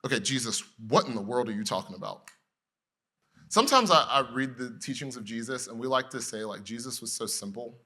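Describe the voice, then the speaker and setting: A male pastor delivering a sermon in a lively, conversational way, telling humorous stories and asking the room rhetorical questions. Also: mid-range voice, fairly quick. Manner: storytelling with humor.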